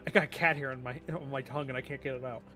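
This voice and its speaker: A man's voice: medium pitch, steady tone, quick pace, bright, forceful tone, faint music behind. A man narrating as game master, rambling casually and laughing often.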